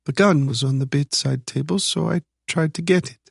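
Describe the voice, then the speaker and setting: A man reading an audiobook voices a frightened young woman held captive, speaking in a halting, trembling way. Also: fairly high pitch, gravelly, husky, no room sound, clean studio sound, voice pushed up, full character voice.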